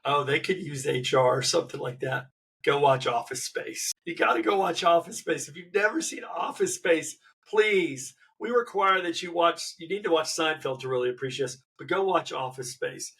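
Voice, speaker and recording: A man co-hosting a casual talk show, chiming in with jokes and film recommendations in a relaxed way. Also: fairly high pitch, normal speed, creaky, slightly rough, far from the mic. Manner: relaxed, recommends films, chimes in with jokey quotes. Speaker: podcast co-host. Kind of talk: casual chat.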